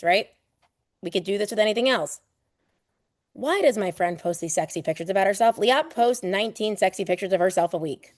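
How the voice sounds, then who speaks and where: A woman teaching a live online exam prep class, lively and playful, casual with swearing, acting out everyday examples. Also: medium pitch, brisk, dry recording, clean studio sound.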